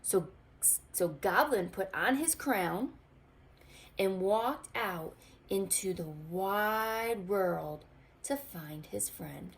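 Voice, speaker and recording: A woman teacher reading a storybook aloud to young children, expressive and pointing out pictures. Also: medium pitch, creaky. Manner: expressive, slow, asks children to look. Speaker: pre-K teacher.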